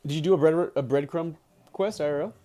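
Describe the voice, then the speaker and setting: A man streaming live, reading a book aloud and breaking off into casual chat at home with his dogs around, animated and quick to laugh, often correcting himself mid-sentence. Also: fairly high pitch. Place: home, with pet dogs nearby.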